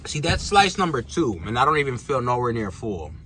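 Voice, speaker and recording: A man from Chicago, eating pizza and chatting casually in a mukbang vlog, with a relaxed, chatty manner. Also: medium pitch, fairly quick, a little hiss or hum. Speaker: vlogger. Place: parked truck.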